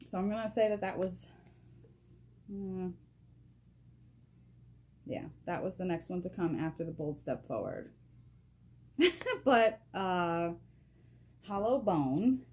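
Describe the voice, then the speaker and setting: A woman giving a casual spiritual card reading at a table, excitable and emotional, laughing often and speaking straight to the viewer through a camera propped on a box. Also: medium pitch. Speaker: vlogger doing a card reading. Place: at a table indoors.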